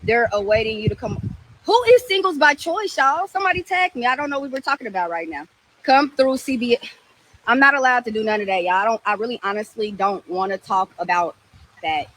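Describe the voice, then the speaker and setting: Sassy woman guest, slightly high voice, faint background noise. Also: brisk, fairly bright tone, low-quality recording. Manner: sassy, defensive. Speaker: podcast guest, rapper. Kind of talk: casual live chat. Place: outdoors by a pool.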